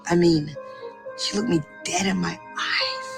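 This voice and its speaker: A woman telling her own story as a beauty consultant in an animated, personal testimonial, breaking into excited outbursts. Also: fairly low pitch, unhurried, creaky, music in the background. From Boston area.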